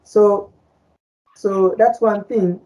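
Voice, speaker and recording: A woman's voice: medium pitch, steady tone, extremely slow, warm tone. A woman podcast co-host from French-speaking Africa, a native Fulani speaker, chatting casually, rambling and repeating words with many "you know"s. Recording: dull lo-fi audio.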